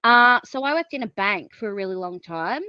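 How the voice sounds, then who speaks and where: A woman's voice: mid-range voice, animated, brisk, clean tone, no room sound, dull audio. A woman, a podcast guest frankly telling her own story with lots of fillers and swearing. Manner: frank and blunt, swears freely, many fillers. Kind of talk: candid personal storytelling.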